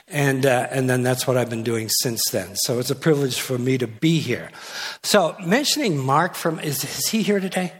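An older man, visiting as guest pastor, preaches from the pulpit in an expressive mid-range voice at a moderate pace. Jokey and teasing, he restarts sentences and slips in asides, and the church's long reverb lingers.

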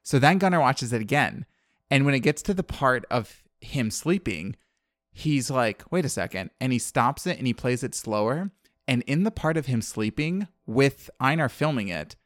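This podcast co-host chats casually through a film's story, lively and quick to shift into character voices as he acts out their lines. The recording is dry and close with a medium-pitched voice, no room sound, and no echo.

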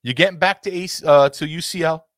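Ranting man, high voice, dry sound. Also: quick pace, fairly bright tone, dry recording. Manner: passionate, ranting, swears freely. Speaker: podcast host. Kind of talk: heated casual football talk.

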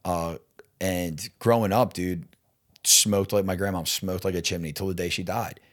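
A young man chats casually on a podcast, rambling and stacking "like" and "dude" as he goes. His voice sits on the low side. He laughs easily between thoughts. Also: fairly even intonation, normal speed. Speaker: podcast guest, stand-up comedian. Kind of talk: casual chat.

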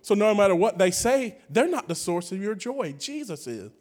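A male pastor delivers an energetic sermon to his congregation. His voice sits high for a man, and he swings from shouted bursts down to hushed asides as he calls out to the room. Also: normal speed.

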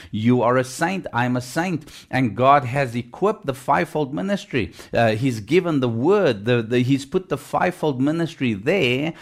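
A man preaching a sermon with emphasis, repeating phrases and calling on the congregation for an amen. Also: medium pitch. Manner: emphatic, call-and-response, repetitive.

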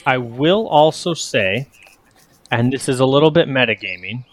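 A man running a tabletop game as game master, explaining rules in a relaxed, rambling way with many fillers. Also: medium pitch, normal speed.

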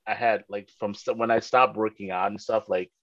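A man's voice: lowish voice, steady tone, fairly bright tone, no echo. Rambling young man on a muffled line. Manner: rambling, halting, full of "like". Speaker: podcast guest. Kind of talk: casual chat.

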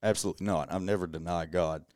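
A man's voice: sits low, fairly even intonation, quick pace, darkish tone, no room sound, studio quality. A young adult man, telling a personal story as a podcast guest in an earnest, casual way full of "you know.".

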